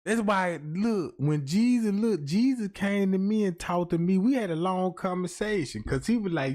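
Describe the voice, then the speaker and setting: Animated slangy man ranting on a stream. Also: high-pitched, moderate pace, hardly any pauses. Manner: animated, swearing, slangy, keeps asking the chat. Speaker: livestream host. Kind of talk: comedic livestream rant.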